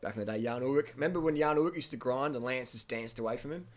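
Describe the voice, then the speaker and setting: An Australian man casually commenting over race footage, blunt and excitable, swearing and repeating himself. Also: mid-range voice, fast talker. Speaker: cycling video host.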